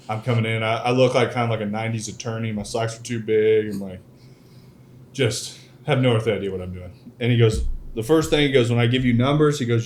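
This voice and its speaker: Laughing young man telling car-sales stories. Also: medium pitch. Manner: storytelling, laughs often, animated. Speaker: podcast host. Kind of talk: casual chat.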